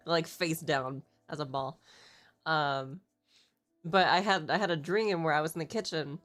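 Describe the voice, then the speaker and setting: A woman's voice: on the low side, fairly bright tone. A woman streamer chatting casually, rambling through a story, swearing freely and laughing often. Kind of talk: casual chat.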